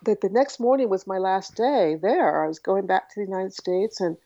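A woman recounting a story as an interview guest, her voice mellow and soft-edged. She tells it in a lively anecdotal way, slipping into the voices of the people she quotes. The audio is dry and a little dull, like a lo-fi interview recording. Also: medium pitch, moderate pace, no room sound. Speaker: guest, author on horse communication.

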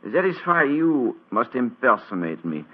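An actor playing an injured German count with a German accent, who speaks haltingly with many hesitations, in 1940s radio acting. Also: male voice, medium pitch, very animated, husky. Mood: weak, urgent. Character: injured German count, weak, formal, grave. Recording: tinny old radio broadcast.

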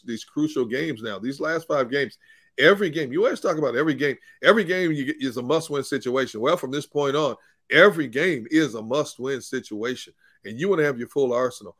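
A man's voice: medium pitch, quick pace, a bit bright, no room sound. Male football analyst, dry close sound. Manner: earnest explainer, repeats points. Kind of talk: sports analysis on a talk show.

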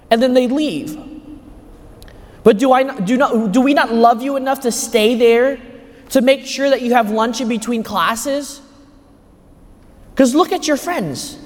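A man putting on a stern middle-aged father, speaking low and steady and pressing home each point with calm rhetorical questions. The voice carries a long echo, as if it were recorded in a large church. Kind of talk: sermon. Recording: echoey church hall.

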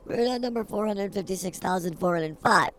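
A woman's voice: mid-range voice, a little fast, slight background noise. A woman co-hosting a comedy podcast, feisty and mock-combative in her banter. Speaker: podcast co-host.

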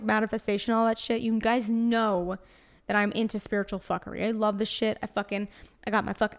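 A woman's voice: fairly high pitch, smooth. A young woman hosting a solo podcast in a put-on Brooklyn accent, brash, chatty and swearing constantly. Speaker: podcast host. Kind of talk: casual solo podcast monologue.

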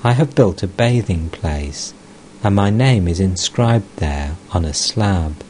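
A man's voice: sits low, expressive, takes it slowly, darkish tone, slight background noise, rough recording. A man reading the lines of a shy old female temple maidservant in an audiobook, modest and hesitant.

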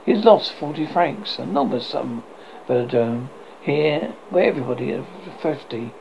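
A man narrating a classic story aloud in a steady reading voice, with occasional small slips. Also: medium pitch, normal speed, gravelly. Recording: slightly dull, faint hiss.

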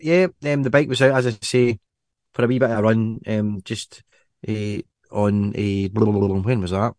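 Scottish man, podcast co-host, rambling casual chat, lowish pitch, dry close sound. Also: steady tone, unhurried, darkish tone, no echo. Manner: rambling with many restarts and fillers.

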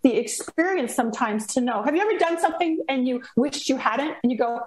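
A woman's voice: high voice, a little fast, roomy sound, a little hiss or hum. A woman, a voice coach, telling a story in a casual chat and acting out the people in it. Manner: expressive, acts out dialogue in the story. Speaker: guest, voice coach.

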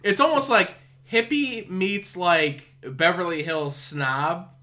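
A man's voice: high-pitched, slow, sharp tone. A man hosting a podcast in casual chat, rambling with lots of fillers and swearing. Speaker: podcast host.

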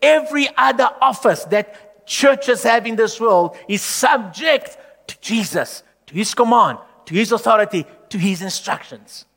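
A male pastor preaching a sermon emphatically, swinging from loud declarations to hushed, low lines. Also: animated, measured pace, gravelly. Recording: long hall reverb.

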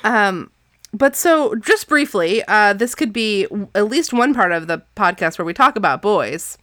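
A woman's voice: mid-range voice, lively intonation, unhurried, sharp tone. A woman co-hosting a podcast, chatting casually about a book, laughing often and reading passages aloud. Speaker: podcast co-host. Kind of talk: casual chat recapping a book.

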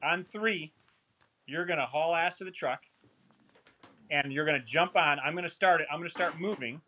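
A man voicing a male professional hunting guide in a rough put-on South African accent, giving low, steady, urgent instructions. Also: normal speed. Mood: commanding.

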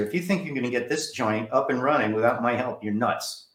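Male guest, from New Jersey, lively storyteller, mid pitch, roomy echoey sound. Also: a little fast. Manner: animated storyteller who acts out quoted voices. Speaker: author and film director, guest. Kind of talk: storytelling interview.

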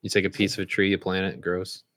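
A man's voice: deep voice, monotone, fast, a bit bright, no room sound. A young man co-hosting a podcast, cracking dry, wry jokes in casual chat. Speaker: podcast co-host.

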